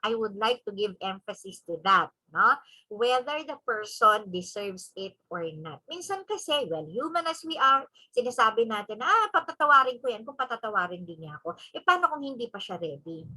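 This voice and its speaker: A woman's voice: high-pitched, sharp tone, rough recording. A woman with a Filipino accent giving an emphatic convention lecture, switching between English and Tagalog and checking in with the audience through frequent tag questions. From Philippines.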